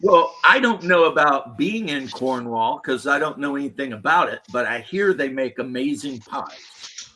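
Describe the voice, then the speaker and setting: Husky man chatting bluntly. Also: mid-range voice, expressive, moderate pace, bright, forceful tone. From Eastern Kentucky, USA. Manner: rambling, profane, blunt. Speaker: podcast host. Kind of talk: casual chat.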